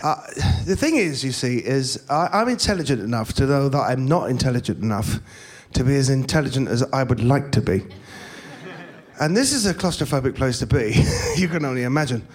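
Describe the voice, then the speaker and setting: A man's voice: mid-range voice, expressive, fairly quick. A hungover man doing stand-up, rambling and stammering through scattered starts. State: hungover, worn voice. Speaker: stand-up comedian. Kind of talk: stand-up comedy set. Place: comedy venue stage.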